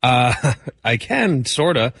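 A man's voice: medium pitch, big pitch swings, slow pace, creaky, fairly bright tone, slightly rough, dry recording. A man who is a regular on a sports radio show, reading a menu and joking stubbornly with the host. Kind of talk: casual studio banter.

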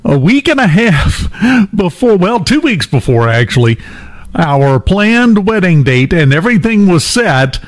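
A man with a fairly high-pitched voice hosts a morning talk show. He tells a long personal story in a relaxed, chatty way, full of small fillers and restarts. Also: a little slow. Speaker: radio show host. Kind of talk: casual anecdote telling.

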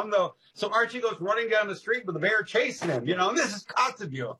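A man telling animated history anecdotes as a podcast guest, laughing at his own stories and jumping into voices. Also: high voice, fast, a little hiss or hum, low-quality recording. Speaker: guest storyteller on local history. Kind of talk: casual podcast storytelling.

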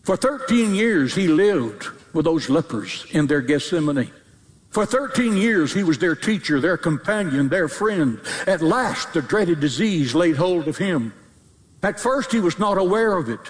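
Man preaching, emphatic, lively pitch swings, somewhat high voice, long hall reverb. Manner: emphatic preacher, repeating phrases, sudden high cries. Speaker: pastor. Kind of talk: fiery sermon.

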